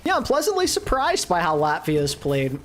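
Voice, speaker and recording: A woman co-streaming an esports match, reacting excitedly to big plays with casual internet slang. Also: on the low side, moderate pace, slight background noise. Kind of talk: live esports co-stream commentary.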